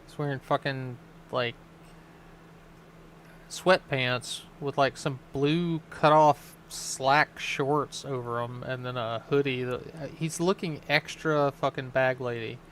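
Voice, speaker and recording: A man's voice: medium pitch, steady tone, slow, fairly bright tone, slight background noise. A man co-hosting a casual chat, mocking and swearing as he laughs his way through clips. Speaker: co-host.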